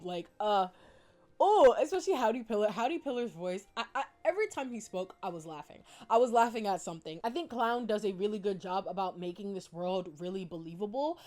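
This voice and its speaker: A woman's voice: mid-range voice, a little mellow. Woman, casual commentary host, giggly, filler-heavy. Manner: bubbly, giggly, lots of fillers. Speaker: video essayist.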